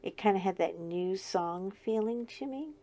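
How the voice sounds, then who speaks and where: Woman, middle-aged, scratchy gravelly voice, rambling casual chat, laughs a lot. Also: medium pitch, normal speed, mellow. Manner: chatty, laughs often, rambling. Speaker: crafting channel host. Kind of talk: casual chat while diamond painting.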